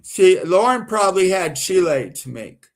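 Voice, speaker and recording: A man's voice: sits high, big pitch swings, moderate pace. A man from the American South doing rambling live-stream commentary, repeating himself and getting worked up and indignant.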